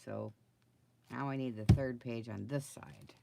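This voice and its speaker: A woman's voice: very deep voice, fairly even intonation, measured pace, creaky, very noisy. A woman crafter talking casually through her project, muttering to herself and getting flustered. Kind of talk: casual crafting video talk.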